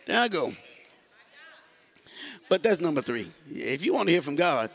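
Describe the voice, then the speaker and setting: A man's voice: on the high side, big pitch swings, normal speed, vocal fry, fairly bright tone. A male pastor teaching a sermon in a church, talking conversationally to the congregation and often repeating and restarting words. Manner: speaks directly to the congregation.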